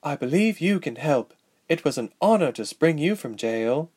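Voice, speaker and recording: A man voicing a determined young princess who is quietly resentful. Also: a little high, animated, moderate pace, husky, pitched above the performer's own voice. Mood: reassuring.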